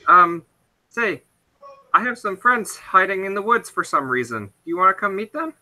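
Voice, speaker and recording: High, bright, stammering man. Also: big pitch swings, normal speed, rough recording. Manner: earnest, stammering. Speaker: player. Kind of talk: in-character tabletop play.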